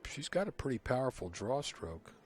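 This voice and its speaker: A man giving low, calm play-by-play commentary on a pool match, recorded in a casino event hall. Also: moderate pace, a little hiss or hum.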